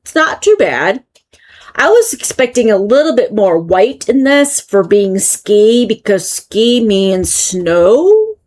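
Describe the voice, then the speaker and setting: A woman's voice: mid-range voice, sing-song, takes it slowly, darkish tone. An American woman hosting her own crochet channel, casually chatting through a yarn review and thinking aloud as she goes. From United States. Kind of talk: casual product review chat.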